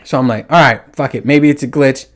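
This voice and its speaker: A man's voice: medium pitch, fairly quick. A man hosting a podcast, telling a story in a casual monologue, swearing often and acting out his own reactions. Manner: animated, profane, acts out his own reactions. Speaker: podcast host.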